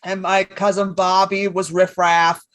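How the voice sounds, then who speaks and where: A woman in her fifties, a comedian guest on a podcast, telling stories in a lively way and swearing freely. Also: fairly low pitch, unhurried, no room sound. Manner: animated storyteller, swears freely. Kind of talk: casual podcast chat.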